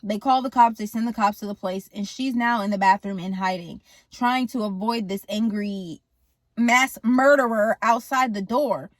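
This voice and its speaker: A woman's voice: mid-range voice, normal speed, dry recording. A woman recapping a movie in a casual, slangy, jokey way, acting out the characters as she goes. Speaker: movie reviewer.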